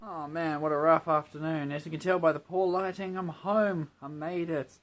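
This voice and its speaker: A man's voice: fairly high pitch, flat delivery, moderate pace, very noisy. A young man with a New Zealand accent, chatting casually and rambling in a travel vlog. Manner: chatty and rambling, with frequent fillers. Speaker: vlogger.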